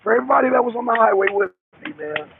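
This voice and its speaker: A man's voice: sits high, animated, very fast, creaky. A middle-aged man, a truck driver, calling into a talk show, rambling and repeating himself, cursing heavily as he talks. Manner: rambling, repetitive, heavy cursing. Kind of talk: call-in talk show chat. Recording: tinny phone line with faint hiss.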